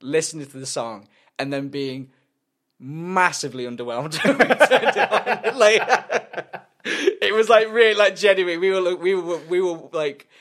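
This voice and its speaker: A man's voice: high voice, unhurried, a bit bright. A young man co-hosting a podcast, telling a long story in loose casual chat and swearing freely. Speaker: podcast co-host.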